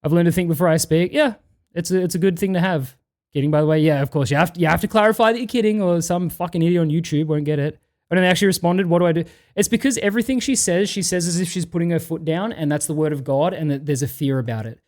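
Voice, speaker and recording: A man's voice: on the high side, fast talker, a little mellow. A man streaming, ranting and reading chat messages aloud in a profane, exasperated way.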